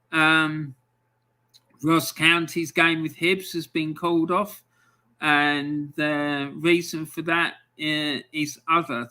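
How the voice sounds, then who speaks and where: A man's voice: a little high, pushed and bright. An Englishman hosting a live football score stream, chatting casually and reading out fixtures with frequent ums.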